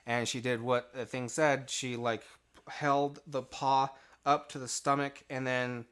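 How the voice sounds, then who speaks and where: A man's voice: mid-range voice, level tone, a little slow, a bit bright, clear, resonant tone. A man co-hosting a casual podcast chat, talking close to the mic in a rambling, hesitant way with many restarts. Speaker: podcast co-host.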